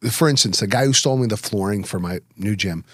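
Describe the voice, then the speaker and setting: A man's voice: on the low side, fast, no echo, clean studio sound. A man hosting a podcast, telling blunt, profane stories in casual chat. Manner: blunt, profane, lively storyteller. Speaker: podcast host.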